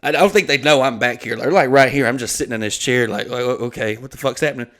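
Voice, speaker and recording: A man's voice: medium pitch, quick pace. A man, a comedian hosting a podcast, telling a rambling, profane story in casual chat. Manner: rambling, profane, animated retelling.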